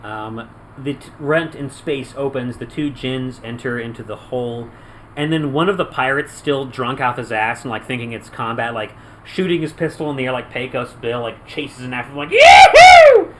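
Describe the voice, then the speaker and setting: A man narrating a tabletop game as game master, telling the story with animated flair and sudden loud yells. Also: medium pitch, normal speed, a little hiss or hum, poor audio. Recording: music playing underneath.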